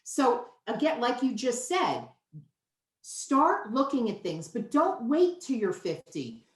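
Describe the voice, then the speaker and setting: A woman's voice: fairly high pitch, sing-song, takes it slowly. A woman in her fifties, a nutritionist guest, talking candidly and emphatically in a casual interview. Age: 50s. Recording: roomy echo.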